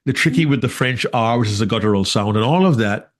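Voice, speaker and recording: Animated man with a Jamaican accent. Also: mid-range voice, quick pace. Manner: animated storyteller, laughs easily. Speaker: podcast co-host. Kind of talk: casual interview chat.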